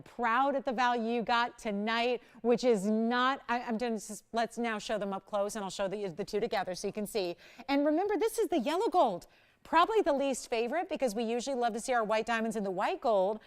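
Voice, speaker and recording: A woman hosts a live television jewelry sale, talking viewers through every detail with eager urgency. Her voice is smooth and clear, sitting at an ordinary middle pitch, and she keeps pressing people to call in now. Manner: enthusiastic, persuasive, urgent selling. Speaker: TV shopping host. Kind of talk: live home shopping sales pitch. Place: TV studio.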